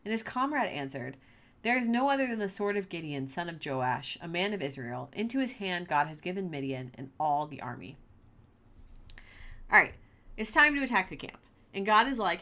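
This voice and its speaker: A woman hosting a casual Bible podcast, reading passages aloud and then retelling them with playful, animated asides. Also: on the low side, normal speed.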